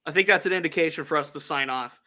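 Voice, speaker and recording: Bright, energetic male sports podcast host. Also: fairly high pitch, fast talker. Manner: energetic, promotional, emphatic. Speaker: podcast host and team reporter. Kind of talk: casual sports podcast chat.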